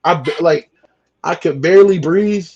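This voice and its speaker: A man's voice: fairly high pitch, normal speed, a little mellow, breathy edge, dull audio. Stammering, profane man in casual chat. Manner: profane, stammering, repeats himself. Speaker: host.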